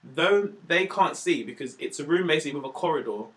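Young man, comedian guest, quick, slangy, lively storyteller, voice a touch high. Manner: animated, slangy, acts out voices in his stories. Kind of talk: casual storytelling chat.

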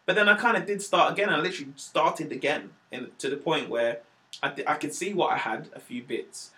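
A man's voice: fairly high pitch, fairly quick. A male stand-up comedian, talking casually in a podcast interview and acting out the voices of people in his stories. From Wales. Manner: animated storyteller, acts out quoted voices.

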